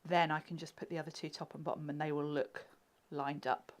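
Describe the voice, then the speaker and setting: A woman's voice: low voice, little pitch movement, fairly quick. Giggly woman demonstrating crafts. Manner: chatty, giggly, often drops to a murmur while working.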